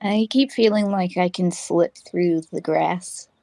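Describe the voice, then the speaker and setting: A woman's voice: fairly low pitch, slow, gravelly, dark tone, no room sound. A woman playing in a tabletop game, talking in character in a hesitant, dreamy way. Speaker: player. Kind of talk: in-character casual chat.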